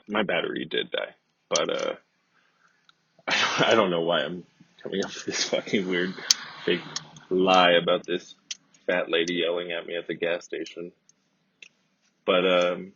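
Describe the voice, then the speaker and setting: A man casually telling a rambling, profane, deadpan comedic story as a podcast host. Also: sits low, creaky, a little hiss or hum. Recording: dull lo-fi dry recording.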